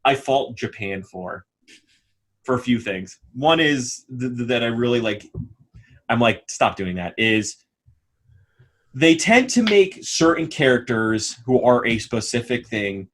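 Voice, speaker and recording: A man co-hosting a casual podcast, talking animatedly, often laughing and breaking into quick character impressions. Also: mid-range voice, animated. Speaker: podcast co-host. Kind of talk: casual chat.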